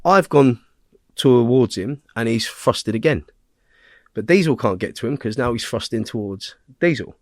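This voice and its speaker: A man's voice: medium pitch, animated, moderate pace, no room sound, studio quality. A man, a podcast guest, telling a tense story in a blunt way, swearing heavily as he goes.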